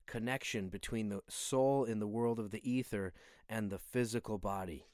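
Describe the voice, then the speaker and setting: A man with a low voice talks in an earnest, searching way before a workout. He muses and stays humble. The sound is dry and close. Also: normal speed, a little mellow, dry recording. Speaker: fitness video host. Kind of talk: reflective spoken monologue.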